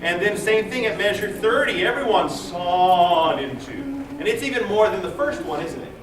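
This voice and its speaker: With a high-pitched, animated, brisk voice, a man directs a choir, counting beats and adding playful asides. The recording comes from a room mic set at a distance in a big, echoey rehearsal space. The choir sings behind him, and the background is noisy.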